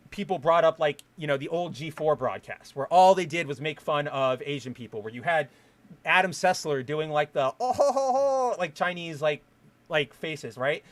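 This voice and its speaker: A man's voice: fairly high pitch, fairly bright tone. A man hosting a podcast, ranting heatedly in a casual style, swearing and restarting his sentences. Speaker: podcast host.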